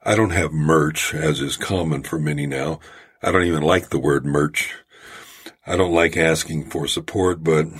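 A man hosting his own storytelling podcast, talking in a measured, folksy way. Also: low voice, slightly rough. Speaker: podcast host. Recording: home-made podcast audio.

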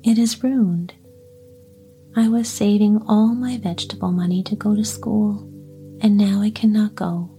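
A woman's voice: mid-range voice, fairly even intonation, unhurried, dark tone, faint music behind, lightly acted. A woman voicing an earnest young boy upset about his ruined garden, in a whispered role-play storybook reading. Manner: earnest, aggrieved.

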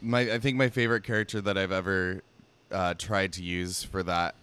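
A man chatting as a podcast guest, self-mocking and quick to laugh. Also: sits low, little pitch movement, a bit bright, clean tone. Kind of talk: casual chat. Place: bar.

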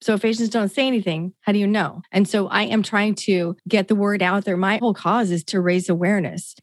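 A woman's voice: medium pitch, no echo. A woman from the Seattle area, speaking earnestly and emphatically as an activist guest in an interview. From Seattle area, United States. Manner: earnest, emphatic, fast-flowing. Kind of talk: conversational interview.

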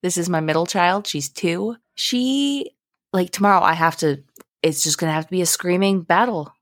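A young woman co-hosting a podcast, chatting casually and telling animated stories about her day. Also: lowish voice, moderate pace, dry recording, clean studio sound. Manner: chatty, animated storytelling with frequent laughs. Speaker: podcast co-host. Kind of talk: casual chat.

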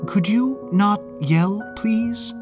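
A soothing young woman speaks in a soft, cooing way, as a man puts her on in a storybook reading. Her voice sits high, and her pace is unhurried. Music plays behind. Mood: pleading. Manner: cooing, gentle. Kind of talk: audiobook character voice.

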